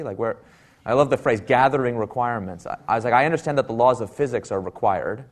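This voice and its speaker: A man's voice: mid-range voice, fast. A man speaking at a talk, telling a wry story and acting out the people he quotes. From Silicon Valley, US.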